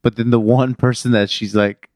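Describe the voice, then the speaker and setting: A man's voice: medium pitch, level tone, normal speed, darkish tone, dry recording, clean studio sound. Casual swearing man podcast co-host. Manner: casual, swears freely, laughs often. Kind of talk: casual chat.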